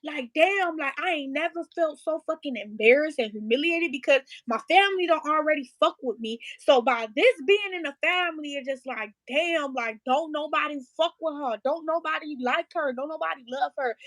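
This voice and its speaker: Young woman, high bright voice, blunt and cussing, telling her story straight to camera, dry sound. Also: moderate pace, no room sound, low-quality recording. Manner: blunt, profane, emotional, with raw outbursts. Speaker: vlogger. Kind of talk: emotional storytelling vlog.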